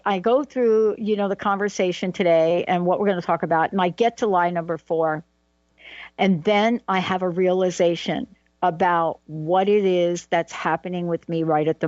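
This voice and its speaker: A woman's voice: fairly low pitch, no room sound, lo-fi sound. Storytelling woman co-host, dry sound. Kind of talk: radio talk show chat.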